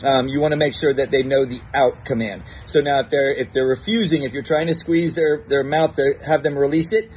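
A man who trains dogs, calmly explaining a routine step by step and acting out his commands in a bright, praising tone. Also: mid-range voice, fairly quick, hardly any pauses, dull audio, slight background noise. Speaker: dog trainer. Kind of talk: recorded instructional segment.

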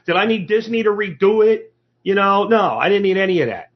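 A man's voice: high-pitched, fairly quick. A man hosting a show, telling a story in a folksy, blunt, salty way. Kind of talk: casual storytelling. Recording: dull lo-fi recording.

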